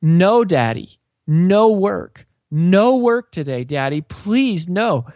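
A man voicing a tearful two-year-old girl who pleads with her father, in a high, whiny voice. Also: big pitch swings, takes it slowly, a little mellow, no room sound, highs cut off, full character voice.

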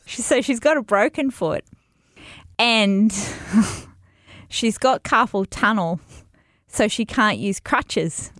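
A woman chatting casually on a podcast, telling a story in an animated way, laughing often and acting out what people said. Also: on the high side, slow pace, pauses often. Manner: animated, laughs often, acts out quoted voices.

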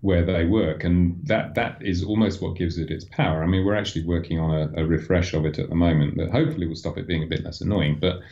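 A man, a guest from an advertising agency, explaining things after halting, stammering starts. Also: deep voice, steady tone, darkish tone, lo-fi sound. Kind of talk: casual conversational interview.

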